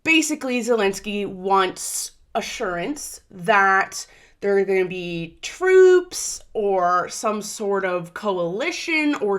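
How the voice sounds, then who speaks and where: Brief: young female host, casual explainer delivery, brisk, playful with quotes. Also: medium pitch. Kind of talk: explainer commentary.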